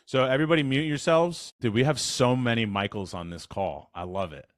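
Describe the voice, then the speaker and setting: A man leading a voice workshop on a video call, talking in an energetic, casual, coaching way. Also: mid-range voice, fairly quick, no echo, studio quality. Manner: energetic, chatty, demonstrates with his voice. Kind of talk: casual instructional talk. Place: online call.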